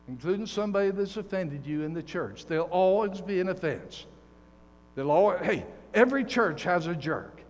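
An older man preaching a sermon with a notably high voice, emphatic and folksy, mixing stories and jokes with a firm call to his congregation. His voice rings out with a long reverb through the church sanctuary. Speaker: guest preacher.

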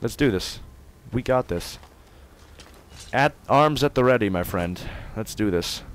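A man doing let's play commentary, swinging from excited yelling and taunts to quiet muttering. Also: lowish voice, a little slow, clear, resonant tone. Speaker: gamer.

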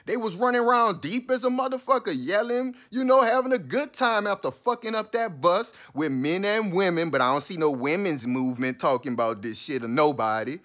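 A man's voice: high voice, expressive, a little fast, few pauses, a bit bright. Heated New man ranting. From New Orleans, USA. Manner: heated, profane, sarcastic, addresses listeners directly. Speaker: commentator. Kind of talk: ranting commentary.

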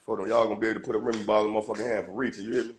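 A man with a lowish, level voice hosts a casual livestream while nursing a cold, talking very fast. He rambles in a profane, boastful way packed with street slang, and a little hiss or hum sits under the audio.

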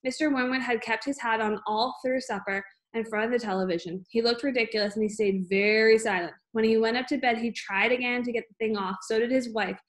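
A woman reading a children's book aloud at an unhurried pace, with frequent small slips and restarts. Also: fairly high pitch, steady tone. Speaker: reader.

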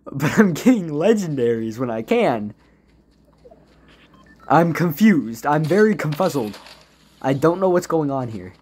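A man giving casual gameplay commentary as a gaming YouTuber, swinging between low muttering and loud, frustrated outbursts. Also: big pitch swings, measured pace, long pauses, slightly rough.

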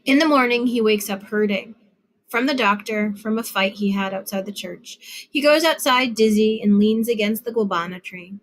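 A woman narrating a literary short story in a measured storytelling manner with lively phrasing. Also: mid-range voice. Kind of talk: literary fiction reading.

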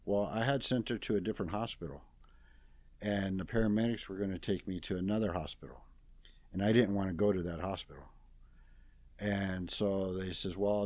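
A man's voice: sits low, a little mellow, no echo. A man in his sixties, a guest in an interview, retelling a story casually and plain-spoken, acting out the quoted dialogue. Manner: plain-spoken, folksy retelling full of "I says"; acts out others' lines in quoted dialogue.

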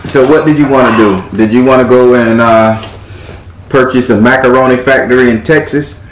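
A man's voice: mid-range voice, steady tone, moderate pace, echoey room, slight background noise, rough recording. A man doing a live tarot reading in a theatrical, teasing way, swearing freely as he talks to a client. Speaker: tarot reader.

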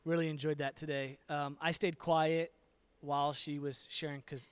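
A man's voice: a little high, flat delivery, moderate pace, clean tone. A male pastor talking frankly in a conversational sermon, with fillers and restarts. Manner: plain-spoken and frank, with fillers.

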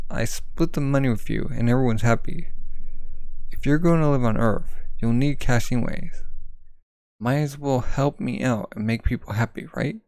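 A brash teenage schemer from a comic, read out by a man, pushy and full of slang. His voice is gravelly and dry, with no room around it. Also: mid-range voice, a little mellow, dry recording. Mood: scheming. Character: brash, scheming teenage boy, cocky and excitable.

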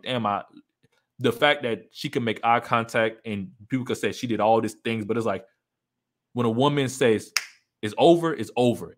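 A man speaking candidly to his listeners about a painful breakup, emphatic and repeating his key points. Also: mid-range voice. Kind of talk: personal storytelling to an audience.

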